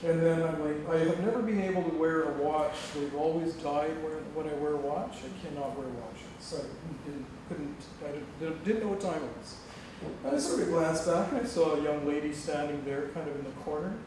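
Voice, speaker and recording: Speaking briskly in a slightly high voice, a middle-aged man from Canada shares a personal story as a guest speaker in a campus lecture hall. He performs the dialogue and laughs frequently. The sound is captured from a distance in an echoey, noisy room.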